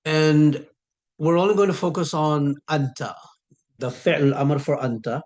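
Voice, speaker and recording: Patient man teaching, repeating sounds slowly. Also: on the high side, fairly even intonation, a little mellow. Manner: patient, repeats key sounds slowly and stretches words for emphasis. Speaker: Arabic teacher. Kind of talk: recorded online lesson.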